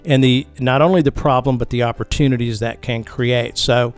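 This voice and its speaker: A man co-hosting a podcast, talking in a relaxed, casual way with restarts and fillers. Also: mid-range voice, normal speed, soft background music. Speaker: podcast co-host.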